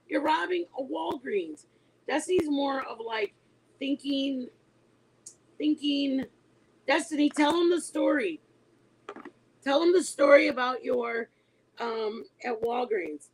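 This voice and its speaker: A woman in her forties, a mother, telling a story to her online viewers in a casual, animated way. She is emphatic and laughs often as she talks. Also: sits high, unhurried, long pauses, poor audio. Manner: animated and emphatic, insisting she is not lying.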